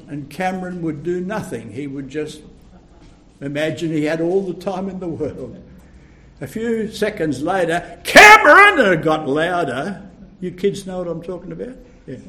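An older man preaching a sermon, slow and emphatic, with sudden loud bursts when he tells a story. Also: a little high, lively intonation.

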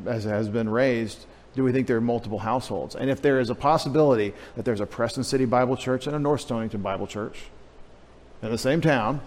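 A man's voice: medium pitch, a little mellow, in a large hall. A male pastor preaching a conversational teaching sermon, asking rhetorical questions and restarting phrases as he explains.

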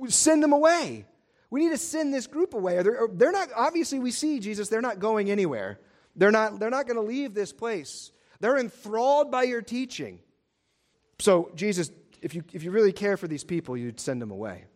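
A preacher voicing fretful, frantic disciples. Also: male voice, sits high, sing-song, normal speed, a little mellow. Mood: pleading. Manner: pleading, frantic. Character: anxious, practical male disciples fretting.

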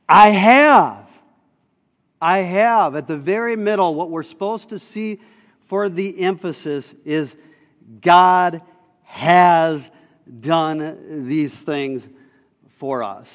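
A male pastor delivers a sermon in a slow, deliberate way, leaning hard on key words before sinking into hushed, drawn-out phrases. His voice sits a little high for a man. The sound is muffled and dull, with a long reverb trailing through a large hall. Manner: emphatic, rising to loud stresses then dropping low and slow.

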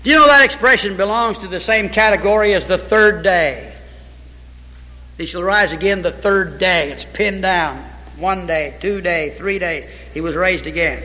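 A man preaching a sermon, reading scripture aloud and pressing each point with emphasis until he breaks into shouts. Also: high-pitched, normal speed. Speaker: pastor. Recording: echoey hall with long reverb.

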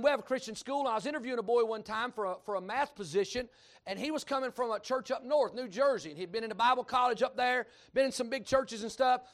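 A middle-aged man with a Kentucky accent delivers a sermon as pastor, with a strikingly high voice. He tells folksy stories in an animated way and rises into shouts. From Kentucky, USA.

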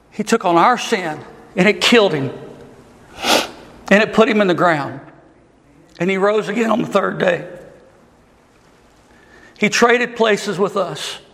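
A man preaches with impassioned, swelling delivery, his voice pitched high for a man. The sound rings with a long hall reverb. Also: fairly bright tone. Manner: impassioned, rising and falling delivery. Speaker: pastor. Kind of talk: sermon.

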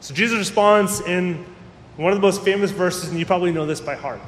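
A man preaching a sermon as a pastor, talking casually and acting out the people he quotes. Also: fairly quick. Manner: conversational, acts out quoted voices. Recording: echoey hall with faint rumble.

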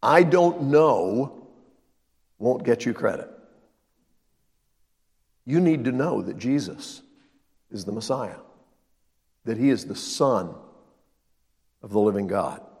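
A man's voice: fairly low pitch, expressive, takes it slowly, long pauses, dark tone, breathy edge, long reverb tail. A male pastor preaching a sermon, emphatic and repeating his key lines.

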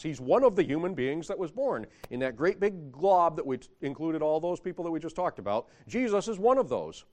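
A man's voice: a little high, sing-song, a little fast, hardly any pauses. A man preaching a sermon, reading scripture aloud and building emphasis as he explains a Bible passage.

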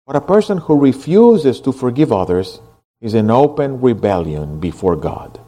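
Impassioned male preacher, wide-ranging pitch. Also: sing-song, normal speed. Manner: impassioned, swings from hushed to loud. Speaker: pastor. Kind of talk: sermon.

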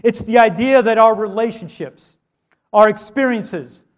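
High-voiced man preaching emphatically. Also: measured pace. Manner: emphatic preaching, voice rising and dropping for stress. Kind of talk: sermon.

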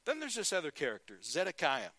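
A man preaching a sermon, retelling a Bible story and acting out its characters in lively, conversational bursts. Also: a little high, quick pace, no room sound. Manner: animated, acts out the Bible characters in his retelling.

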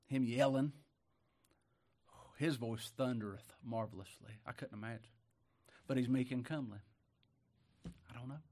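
Male preacher, folksy delivery with big swings in volume. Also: mid-range voice. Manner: folksy, swings between loud exclamations and quiet murmurs. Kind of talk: sermon.

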